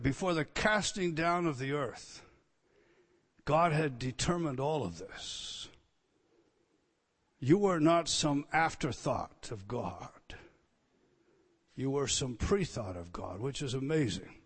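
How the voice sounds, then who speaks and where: A man preaching a sermon, earnest and emotional, dropping to quiet tender asides and rising to loud emphatic declarations. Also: mid-range voice, lively intonation, measured pace. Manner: earnest and emotional, moved nearly to tears.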